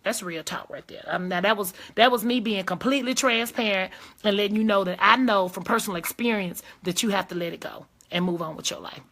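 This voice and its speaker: A woman's voice: mid-range voice, fairly quick, a bit bright. A woman hosting a live advice video, talking emphatically and straight to her viewers in a casual, preachy way. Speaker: host of a live advice video, lawyer and judge.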